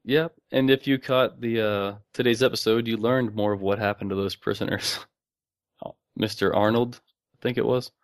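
A man co-hosting a podcast in casual chat, speaking in a flat, monotone way and laughing often. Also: fairly low pitch, normal speed, dry recording, clean studio sound. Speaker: podcast co-host.

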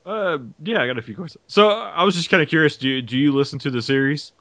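A man's voice: on the high side, fast, fairly bright tone, no room sound. Dry-sounding male co-host. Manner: curious, asks easygoing questions. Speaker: podcast co-host. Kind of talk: casual interview chat.

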